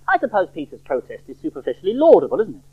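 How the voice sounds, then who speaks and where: A man's voice: sits high, wildly swooping pitch, very fast, breathy edge. A man preaching an expository sermon, emphatic and fond of rhetorical questions. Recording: tinny phone-like sermon recording.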